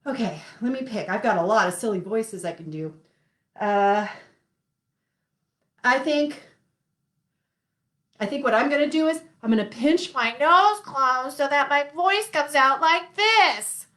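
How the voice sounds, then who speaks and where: A woman's voice: high-pitched, lively intonation, measured pace, long pauses, a bit bright. A young woman hosting a playful children's sing-along class, encouraging and laughing often. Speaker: children's music class host. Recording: roomy echo.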